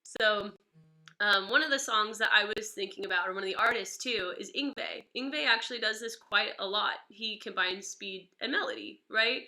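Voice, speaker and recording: Despite a stuffy nose, a woman teaches a chatty, upbeat guitar lesson on a livestream, greeting viewers by name. Her voice is medium-pitched and sharp in tone at a normal speed, with guitar playing in the background.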